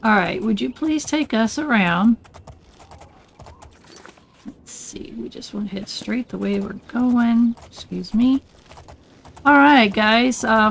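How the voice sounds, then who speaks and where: An older woman hosting a relaxed let's play, chatting and rambling as she plays and often getting sidetracked. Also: on the high side, gravelly, a little hiss or hum, rough recording. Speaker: gaming channel host. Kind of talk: casual let's play commentary.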